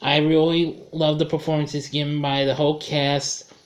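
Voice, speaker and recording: A man's voice: on the high side, flat delivery, moderate pace. A man giving a casual film review, rambling and correcting himself as he goes. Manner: rambling, self-correcting, chuckles at his own slips.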